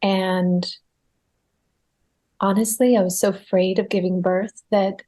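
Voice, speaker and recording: A woman's voice: mid-range voice, slow pace. Earnest woman telling a spiritual story. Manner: earnest and reflective, with animated bursts when retelling her fear. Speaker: guest medium. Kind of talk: personal storytelling in a podcast interview.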